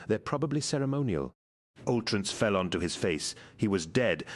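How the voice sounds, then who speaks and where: Deep-voiced man narrating an audiobook. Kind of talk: scripted narration.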